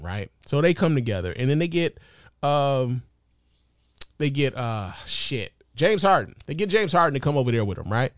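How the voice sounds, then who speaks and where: A podcast host with a very animated, mid-range voice talks at a moderate pace, recorded in clean studio sound with no room noise. His sports commentary monologue is loose, profane, and casual, packed with fillers.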